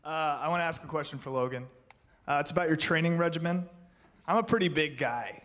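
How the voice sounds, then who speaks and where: A man's voice: on the high side, quick pace, a bit bright. A man from the audience asking a fighter a provocative question, stammering as he goes.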